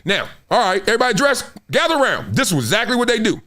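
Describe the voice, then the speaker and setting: A male host talks through sports stories in a lively, bouncing voice that swings widely in pitch. He is profane and animated and keeps acting out scenes as he riffs. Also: very fast. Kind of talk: casual commentary show.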